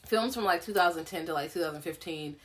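A young adult woman co-hosting a podcast, chatting frankly and profanely while telling animated stories. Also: fairly low pitch, quick pace, crowd noise. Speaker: podcast co-host. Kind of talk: casual chat.

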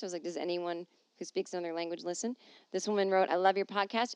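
A woman's voice: medium pitch, no echo. A woman hosting her own podcast as a touring comedian, chatting casually and reading listener emails aloud in a rambling, self-deprecating, playful way. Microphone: podcast microphone.

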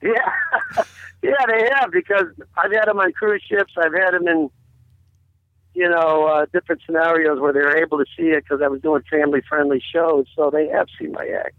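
A man's voice: fairly high pitch, moderate pace, no echo. A man, a comedian guest, telling a joke over a phone line and acting out its voices. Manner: animated storyteller who acts out the voices in his joke.

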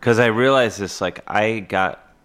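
A man's voice: lowish voice, a little slow, fairly bright tone. A man from Cleveland, an actor, chatting casually on a podcast in a rambling, self-deprecating way. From Cleveland, Ohio. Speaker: actor and guest.

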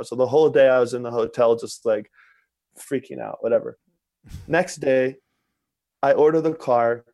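A man's voice: mid-range voice, steady tone, moderate pace, pauses often, warm tone, dry recording. A man who is a podcast guest tells a personal story in a casual, conversational way, candid and self-mocking, and acts out what other people said.

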